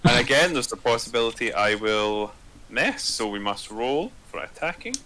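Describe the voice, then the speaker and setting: Bright-voiced man, thinking aloud at play. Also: medium pitch, animated, slight background noise, rough recording. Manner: halting, thinks aloud while deciding moves. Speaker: player. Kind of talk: casual chat, tabletop game play.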